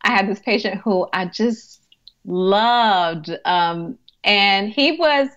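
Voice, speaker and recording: This woman speaks slowly in a medium-pitched, fairly bright voice, though the audio is dull. She's a hospice chaplain and grief coach sharing stories in a chatty podcast interview, full of laughter and frequent "like"s.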